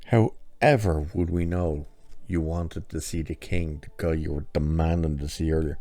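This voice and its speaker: A man with a very low, dark, mellow voice talks through an episode recap in loose, chatty fashion. He is sarcastic and swears freely, and the sound is dry and close. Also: steady tone, moderate pace, dry recording. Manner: sarcastic, profane, chatty storytelling. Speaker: TV episode reviewer. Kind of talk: casual spoken recap and review.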